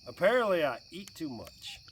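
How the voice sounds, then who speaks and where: A man in his late forties chatting casually and jokingly by a campfire outdoors, getting animated when quoting his kid. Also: a little high, moderate pace, far from the mic, slight background noise. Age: 40s. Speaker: vlogger. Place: outdoors by a fire at night with crickets.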